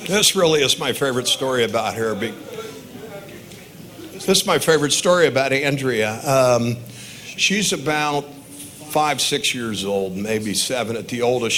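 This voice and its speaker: A man's voice: mid-range voice, pushed and bright. A man in his sixties, father of the bride, giving a wedding toast full of stories and chuckling at his own anecdotes. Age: 60s. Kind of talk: wedding reception speech.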